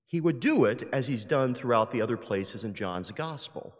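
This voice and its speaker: Priest giving a homily, emphatic and animated, mid-range voice, long echoing church hall. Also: male voice, mid-range voice, moderate pace, hardly any pauses. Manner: lively, emphatic, acts out quoted voices. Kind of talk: sermon. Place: large church. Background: long hall reverb.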